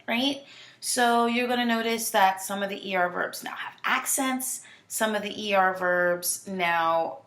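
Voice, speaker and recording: A woman's voice: mid-range voice, a bit bright. Woman teaching French in an echoey room. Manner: switches between French and English, repeats words slowly; encouraging, asks questions and answers them. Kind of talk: classroom lesson.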